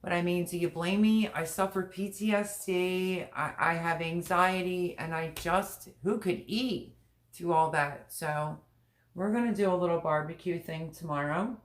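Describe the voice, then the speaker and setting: A middle-aged woman with a fairly low pitch talks unhurriedly while hosting a casual livestream chat from home. The room is echoey, and she's candid and emotional, rambling and repeating herself.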